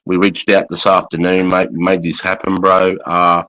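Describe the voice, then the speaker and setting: A man's voice: sits low, monotone, moderate pace, bright, forceful tone, rough recording. A man hosting a live stream, talking in a matey, swearing way and dropping "mate" and "bro" into nearly every line. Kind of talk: casual live-stream chat.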